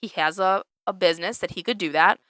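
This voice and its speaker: Bright-voiced chatty young woman. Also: fairly low pitch, fast, no room sound, studio quality. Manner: chatty, swears freely, laughs often. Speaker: podcast host. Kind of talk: casual chat.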